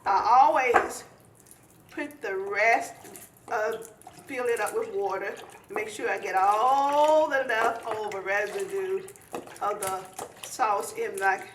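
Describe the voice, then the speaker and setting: A woman from eastern North Carolina, giving a folksy, animated cooking demonstration. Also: mid-range voice, takes it slowly, echoey room, recorded from a distance, background noise. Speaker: home cook.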